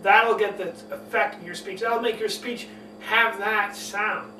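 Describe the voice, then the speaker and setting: A man teaching public speaking, talking emphatically and deliberately swinging between loud and soft, fast and slow. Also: high-pitched, steady tone. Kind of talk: spoken lesson on public speaking. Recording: echoey room, mic at a distance, faint hum.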